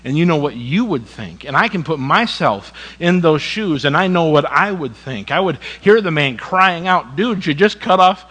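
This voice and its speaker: A male pastor preaching a sermon, reading scripture dramatically, with folksy conversational asides and sudden quiet emphasis. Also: fairly high pitch, expressive, moderate pace, hardly any pauses, slightly rough, poor audio.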